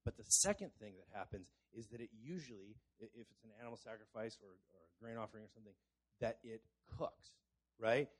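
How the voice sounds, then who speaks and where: A man's voice: lowish voice, brisk, husky, rough recording. Explaining man checking in with "right?". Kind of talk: conversational Bible discussion.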